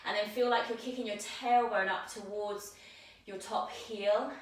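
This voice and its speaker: A woman teaching a yoga handstand class, giving calm step-by-step cues while she demonstrates, somewhat out of breath. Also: medium pitch, a little slow. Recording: very echoey room, mic at a distance.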